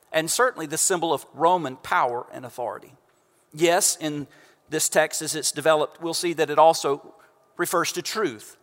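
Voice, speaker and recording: A pastor preaching a sermon from a church stage into a microphone, conversational and joking with the congregation. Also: male voice, on the high side, fairly bright tone. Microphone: stage microphone through house speakers. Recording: long church reverb.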